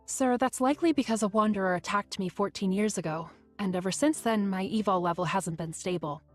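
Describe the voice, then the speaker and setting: A woman voicing a calm, reserved young female hunter in a game who speaks quietly. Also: medium pitch, fairly quick, soft background music, natural voice.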